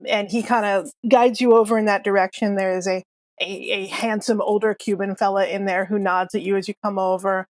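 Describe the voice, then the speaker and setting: A woman's voice: mid-range voice, level tone, a little fast, dry recording. A woman narrating as game master of a tabletop game, chatty with frequent laughs and fillers.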